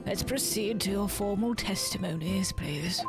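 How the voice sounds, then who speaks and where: A stern old judge presiding over a game courtroom, read by a woman in a slow, measured and formal tone. The delivery stays even and official. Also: medium pitch, music in the background, natural voice. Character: stern elderly male judge.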